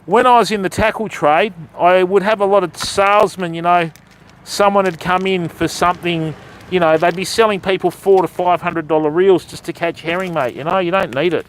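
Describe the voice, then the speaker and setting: A man's voice: high-pitched, fairly even intonation, moderate pace. An Australian man hosting a live fishing stream outdoors, chatting casually and matey with viewers. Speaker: fishing livestream host. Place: outdoors on a beach.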